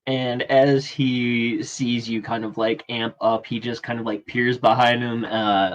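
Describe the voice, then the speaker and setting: A man narrating a tabletop game as game master, unhurried and filling pauses with "uh". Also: mid-range voice, flat delivery, rough recording. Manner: unhurried, with many filler pauses. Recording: faint background noise.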